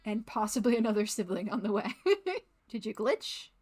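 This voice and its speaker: A woman's voice: mid-range voice, normal speed, a little mellow, slightly rough. A young adult woman hosting a gaming channel, giving casual, rambling let's-play commentary and laughing often.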